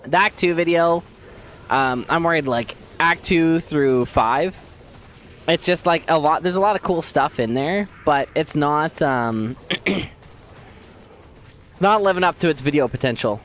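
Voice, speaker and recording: A man's voice: on the high side, measured pace, fairly bright tone, slight background noise. A man streaming a game, chatting casually and rambling with his viewers while his throat keeps catching. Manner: rambling, chatty, talks to chat. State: scratchy throat, coughing and clearing throat. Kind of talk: casual gaming stream chat.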